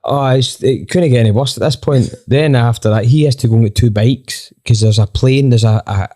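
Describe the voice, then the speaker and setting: A Scottish man, a band member on a podcast, telling a lively anecdote with plenty of swearing and acted-out dialogue. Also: medium pitch, brisk. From Scotland. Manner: animated, swears freely, acts out quoted dialogue. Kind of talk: casual storytelling anecdote.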